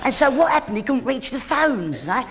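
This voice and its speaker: A man's voice: very high voice, sing-song, normal speed, creaky. A man doing live stand-up comedy on a theatre stage, rambling and teasing the audience. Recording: live theatre, loud crowd laughter.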